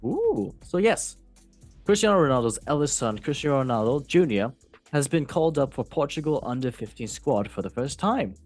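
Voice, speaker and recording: A male podcast host reading sports news in a loose, joking manner, stumbling over words as he goes. His voice sits at an ordinary mid pitch, with soft music faint behind him. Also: lively intonation, brisk. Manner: chatty, jokey, trips over words. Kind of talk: casual podcast news chat.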